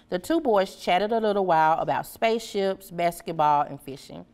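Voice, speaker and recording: A woman reading a children's story aloud in a clear, measured way. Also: lowish voice, darkish tone. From Memphis area, USA. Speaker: storybook reader.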